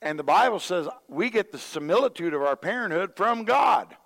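Guy preaching a sermon, kinda high voice for a man, tells folksy stories, big echoey hall. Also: lively intonation, moderate pace, vocal fry, fairly bright tone. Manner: folksy storytelling, acts out quoted voices. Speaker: pastor.

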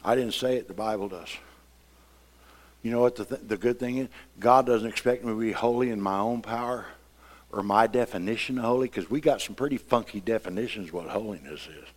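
A man preaching a sermon, swinging between quiet, conversational passages and loud, impassioned outbursts. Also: lowish voice, a little fast. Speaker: pastor.

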